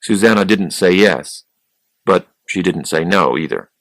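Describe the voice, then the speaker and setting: A man reading an audiobook in a slow, plain, steady way. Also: deep voice, no room sound, low-quality recording. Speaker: audiobook narrator. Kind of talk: scripted audiobook narration.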